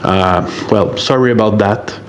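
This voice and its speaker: A man in his fifties from Quebec with a French-Canadian accent, a native French speaker, recording a halting, apologetic voice message for a radio show. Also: lowish voice, a little hiss or hum. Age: 50s. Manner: halting, hesitant, many fillers, apologetic.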